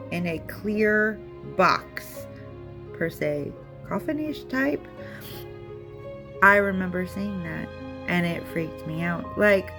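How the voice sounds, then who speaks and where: Gravelly woman telling a personal story. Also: lowish voice. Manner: earnest, emotional retelling. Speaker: storyteller sharing her recovery. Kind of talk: personal testimony.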